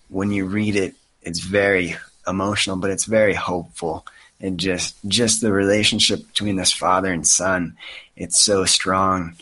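Earnest low-voiced man, halting. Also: sharp tone. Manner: earnest, emotional, halting restarts. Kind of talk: casual chat and reading aloud from a novel.

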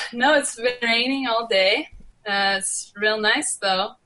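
A woman from Massachusetts, a guest on a casual podcast chat, talking in a relaxed, friendly way. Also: on the high side, slow, low-quality recording.

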